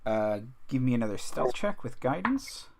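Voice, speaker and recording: Dude running a dnd game, laid back narration, lots of kinda and uh. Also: male voice, medium pitch, sing-song, normal speed, crowd noise. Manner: loose, casual narration with fillers. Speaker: game master.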